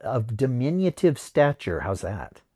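A man hosting a casual podcast chat, his pitch rising and falling a lot as he talks. He reads names off a list and looks things up, keeping the talk easygoing. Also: very animated, a little slow, very noisy. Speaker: podcast host.

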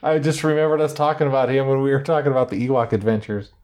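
A man co-hosting a relaxed podcast at an even middle pitch. He laughs often and offers his answers tentatively, in an easy conversational way. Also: fast, very noisy. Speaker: podcast co-host. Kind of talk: casual chat.

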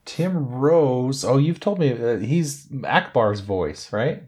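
Easygoing co-host who laughs a lot. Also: male voice, medium pitch, lively intonation, slow pace, very noisy. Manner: laughs often, answers tentatively. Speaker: podcast co-host. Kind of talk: casual chat.

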